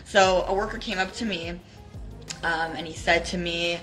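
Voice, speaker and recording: A woman's voice: fairly low pitch, fairly even intonation, normal speed, a bit bright, soft background music, rough recording. A woman from Israel, a guest in a casual chat, telling a story animatedly with many fillers. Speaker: interview guest. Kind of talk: casual video-call chat.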